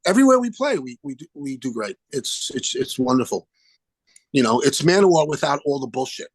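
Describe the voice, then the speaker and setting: An older man, a guest musician chatting in an interview, animated and acting out the people he quotes. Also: mid-range voice, brisk, no echo. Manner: animated storyteller, acts out phone calls in quoted voices. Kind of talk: casual interview chat.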